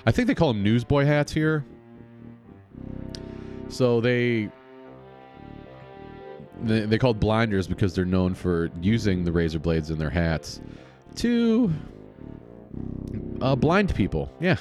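A man hosting a loose solo podcast, talking in a lowish voice that rambles, stops and restarts. He swears offhandedly as he goes. Soft guitar music sits faintly underneath. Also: lively intonation, slow pace, pauses often. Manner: rambling, self-correcting, casual swearing. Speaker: podcast host. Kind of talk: casual solo podcast recap.

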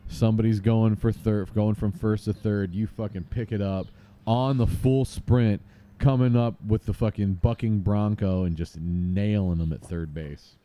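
A man hosting a casual podcast chat, swearing freely and quizzing his guest with excitement. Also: lowish voice, unhurried. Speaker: podcast host.

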